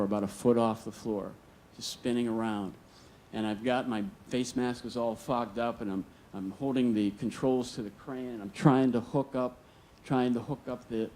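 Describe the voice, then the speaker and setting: A man's voice: mid-range voice, fairly even intonation, normal speed, hardly any pauses, a little mellow, slight background noise. A man telling a personal story live on stage, earnest and vivid, acting out the dialogue. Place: stage at a museum storytelling event.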